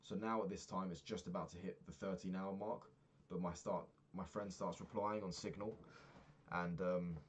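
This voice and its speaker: A man's voice: low voice, steady tone, moderate pace, slight background noise. A man talking through his week in a casual diary vlog, rambling and swearing freely as he rants. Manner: rambling, profane ranting. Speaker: vlogger.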